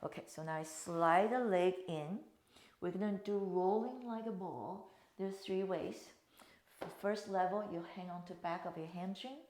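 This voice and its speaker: Leading a Pilates class, this instructor speaks with a low, darkish-toned voice, cueing breaths and counts in slight phrasing. The room she's recorded in is echoey.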